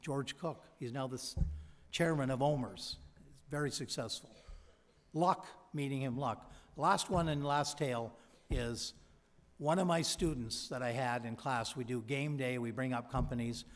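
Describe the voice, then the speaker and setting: A man's voice: mid-range voice, unhurried. A man gives a convocation speech, telling stories with energy and acting out what people said. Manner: energetic storyteller who acts out quoted dialogue. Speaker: honorary doctorate recipient giving a convocation address. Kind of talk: anecdotal motivational speech. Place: large convocation hall. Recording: long hall reverb from a PA.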